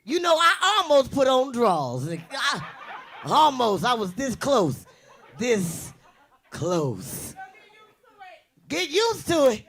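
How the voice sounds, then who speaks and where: A young woman from the US West Coast works a comedy club stage with a big, bright voice. Her pitch leaps around as she fires off brash, bawdy punchlines. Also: very animated, unhurried. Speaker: stand-up comedian. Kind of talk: stand-up comedy routine.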